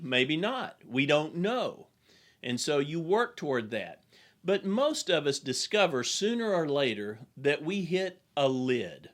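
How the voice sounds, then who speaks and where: A man's voice: on the high side, fairly bright tone. A man who is an executive coach, giving a recorded business lesson in an earnest, plain and direct storytelling manner.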